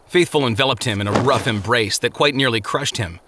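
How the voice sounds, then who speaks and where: A man narrating an audiobook chapter with expressive, vivid storytelling. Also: medium pitch, fairly quick, background noise.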